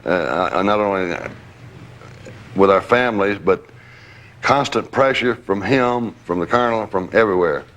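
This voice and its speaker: A man's voice: on the low side, moderate pace, fairly bright tone. An older man, a former bodyguard, reminiscing candidly and acting out quotes as he tells stories, with occasional laughs. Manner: storytelling, acts out quotes, laughs.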